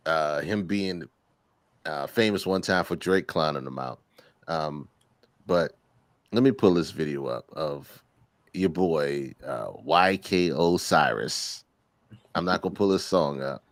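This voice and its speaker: A man co-hosting a podcast, chatting casually in a slangy, animated way and laughing often. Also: low voice, dry recording. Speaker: podcast co-host. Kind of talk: casual chat.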